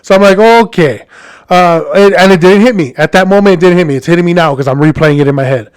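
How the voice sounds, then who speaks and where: A man's voice: high-pitched, fairly even intonation, fast, clear, resonant tone, no echo, clean studio sound. A man with a Hawaiian accent telling a story as a podcast host, in a rambling, chatty monologue addressed to his listeners.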